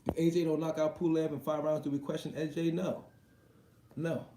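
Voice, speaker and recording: Male livestream host, raised pitch, dark mellow tone; slangy, profane, reacts fast to chat in an echoey room. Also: level tone, a little hiss or hum. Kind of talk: casual livestream chat, reading viewer comments aloud.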